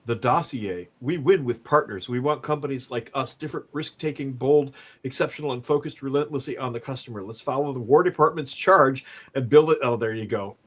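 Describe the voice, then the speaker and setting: A man's voice: mid-range voice, brisk, few pauses, breathy edge. A man from the Upper Peninsula of Michigan hosting a casual podcast, making wry jokes. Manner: wry, joking commentary. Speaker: podcast host.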